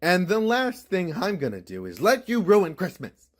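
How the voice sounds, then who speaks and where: A man's voice: high voice, huge pitch swings, normal speed, pitched above the performer's own voice, full character voice. A man playing America as a brash, Christmas-loving man who teases and lectures. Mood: scolding. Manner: teasing, preachy. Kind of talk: comedy sketch acting.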